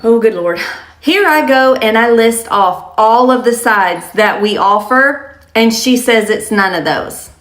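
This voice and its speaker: A woman telling comic restaurant stories as a server, sarcastic and deadpan. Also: on the high side, a little slow. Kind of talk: comedic storytelling. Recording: roomy echo with music.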